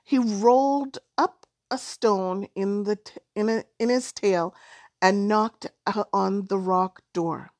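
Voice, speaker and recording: Slow, deliberate woman storyteller. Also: mid-range voice, darkish tone, dry recording, clean studio sound. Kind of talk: storytelling narration.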